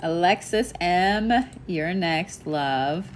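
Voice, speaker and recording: A woman with a fairly low voice gives live psychic readings in a loose, chatty way. She laughs easily and drops the odd swear word. A faint hiss sits under the recording. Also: lively intonation, drawn-out words. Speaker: psychic medium.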